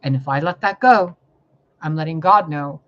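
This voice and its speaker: A woman's voice: low-pitched, moderate pace, highs cut off. A woman tarot reader giving an impassioned spiritual monologue, fiery and confrontational, full of swearing and rhetorical questions.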